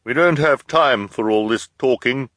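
Kid trying way too hard to sound tough, narrator doing him, loud fake bluster. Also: male voice, mid-range voice, unhurried, dry recording, studio quality, pitched above the performer's own voice. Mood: faking fierce. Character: young boy faking fierce villainy.

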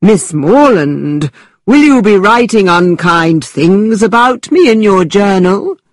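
A playful, theatrical young gentleman, as a woman reads him aloud, all mock-formal politeness and teasing. His lines rise and fall with lively swings of pitch. The voice is soft and a little breathy, recorded close and dry. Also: dry recording. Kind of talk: storybook reading.

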